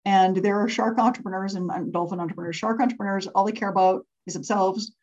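A woman's voice: mid-range voice, steady tone, quick pace, a little mellow, highs cut off. Laughing woman leading a workshop. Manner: laughs often, asks the group to raise hands. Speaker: workshop leader for entrepreneurs. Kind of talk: interactive workshop teaching.

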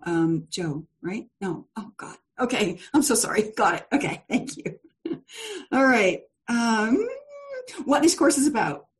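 A woman leading a live online course call, talking in a chatty, encouraging way with frequent fillers and laughs. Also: mid-range voice. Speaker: course leader.

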